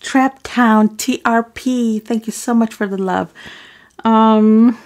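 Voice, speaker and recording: A woman's voice: on the high side, fairly even intonation, unhurried. A woman vlogger thanking her viewers by name, affectionate and apologetic when she stumbles over their names. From Arab. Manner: affectionate, calls viewers baby boo. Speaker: mukbang vlogger. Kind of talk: casual shout-outs to viewers.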